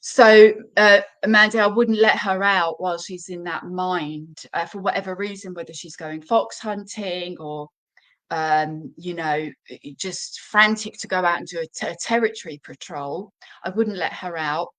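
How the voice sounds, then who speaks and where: A woman's voice: a little slow, fairly bright tone, poor audio. A woman dog trainer hosting a live question-and-answer stream, explaining step by step in a chatty way with plenty of fillers. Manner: acts out short quotes in a high, anxious voice. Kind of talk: live-stream teaching, conversational.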